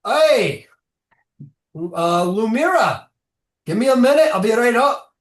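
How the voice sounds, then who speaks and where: Gruff dwarf stonemason, friendly, rough-spoken, echoey room, put on by a game master. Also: mid-range voice, a little slow, far from the mic, pitched below the performer's own voice, natural voice. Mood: cheery call. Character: dwarf mason man, gruff but friendly.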